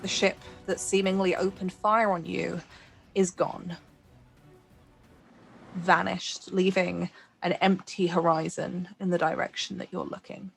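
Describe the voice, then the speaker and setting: A woman's voice: lowish voice, level tone, unhurried, creaky, pauses often, poor audio. A woman as game master, narrating a tabletop horror game with dramatic, descriptive storytelling. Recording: light background music.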